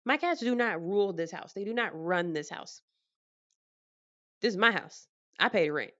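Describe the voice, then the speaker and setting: A woman vlogger chatting casually to camera from her apartment, telling animated stories and laughing often. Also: mid-range voice, a little fast, dull audio.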